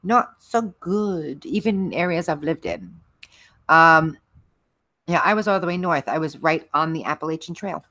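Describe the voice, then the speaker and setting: A woman's voice: low voice, lively intonation, normal speed, sharp tone, no room sound. A middle-aged woman hosting a livestream, chatting casually with viewers, rambling and laughing often. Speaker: livestream host. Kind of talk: casual chat with live viewers.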